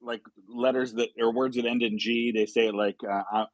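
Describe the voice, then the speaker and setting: A man's voice: on the low side, little pitch movement, brisk, hardly any pauses, no echo, poor audio. A male host in a casual live chat, easygoing, asking questions and laughing along with his guest.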